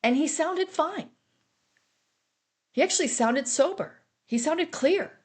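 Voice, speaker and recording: A woman's voice: high voice, lively intonation, slow pace. A middle-aged woman telling her own story on a podcast, earnest and intense as she relives it. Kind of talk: personal recovery story podcast.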